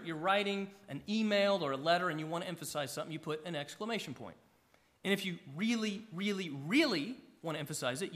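A middle-aged pastor, preaching a sermon, with emphatic rises and soft drops. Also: male voice, high voice.

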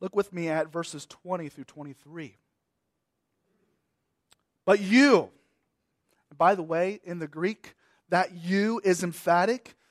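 A man preaching a sermon as pastor, repeating key words and swinging between emphatic raised passages and hushed, trailing phrases. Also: high-pitched, slow, pauses often, no room sound, studio quality.

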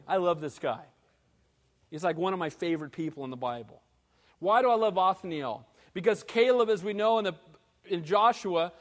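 In a hall with lingering reverb, a man with a high voice preaches a sermon as pastor, his delivery lively and moving from booming to hushed.

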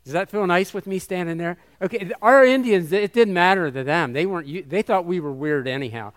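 A man with a clear, resonant voice, pitched a bit above the usual, speaks to a conference crowd as a missionary. He teaches by quizzing the audience and drawing out sounds slowly so they can hear them. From United States. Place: hall with a live audience.

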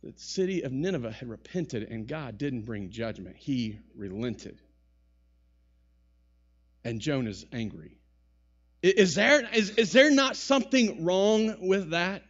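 A man preaching a sermon to a congregation in a church, talking with rising bursts and quick asides. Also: a little high, very animated, muffled recording. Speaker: pastor. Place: church sanctuary.

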